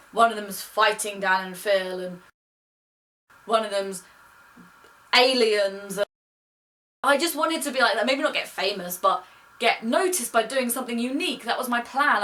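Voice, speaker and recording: A woman's voice: on the high side, pushed and bright. Chatty young woman vlogging. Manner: chatty, gushing, quotes people in her own voice. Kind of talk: casual storytelling vlog. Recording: distant mic with faint noise.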